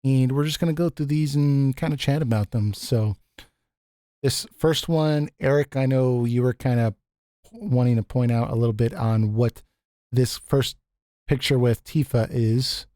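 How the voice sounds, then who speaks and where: Deep voiced guy hosting a gaming podcast, mellow, kinda rambly, dry sound. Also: steady tone, a little slow, dry recording. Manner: rambling, thinks aloud with many fillers. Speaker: podcast host. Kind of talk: casual gaming podcast chat.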